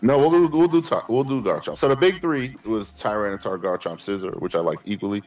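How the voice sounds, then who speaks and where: A man, co-hosting a podcast and telling animated, profane stories, acting out his past self. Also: on the low side, brisk. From Queens, New York. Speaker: podcast co-host. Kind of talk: casual chat.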